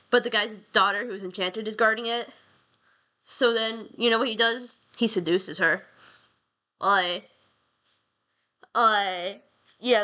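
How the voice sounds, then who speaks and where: A woman chats her way through an old myth, full of slang and stumbling restarts. Her tone is bright and forward, at an ordinary mid pitch. It sounds like a casual solo podcast. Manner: rambling, slangy, many restarts. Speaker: podcast host.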